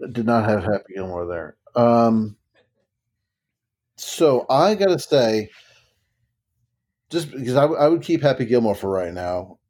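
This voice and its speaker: A man's voice: mid-range voice, very animated, a little slow, long pauses, a little mellow. A man in a casual podcast chat, thinking aloud hesitantly as he makes a pick.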